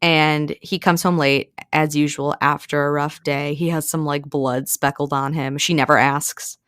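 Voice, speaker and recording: A woman's voice: low-pitched, unhurried, smooth, dry recording, studio quality. A woman co-hosting a podcast, chattily retelling a novel's plot with lots of fillers. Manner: chatty, animated, many fillers. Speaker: podcast co-host. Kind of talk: casual book recap.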